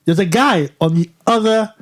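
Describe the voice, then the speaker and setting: A podcast co-host with a fairly high voice and normal speed tells a story casually. He's animated, keeps restarting his sentences, and tags lines with "right?" to check in.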